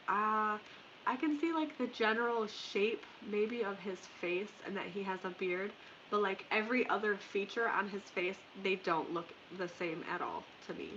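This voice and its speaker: A young woman chats candidly through a live question-and-answer stream, full of ums and restarts. Her voice sounds a little stuffy and hoarse from allergies. Her pitch sits in the middle, and she talks into a headset mic with dull, lo-fi sound. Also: sharp tone, a little hiss or hum. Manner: candid, chatty, many fillers and restarts. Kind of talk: casual live Q&A chat. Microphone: headphones with mic.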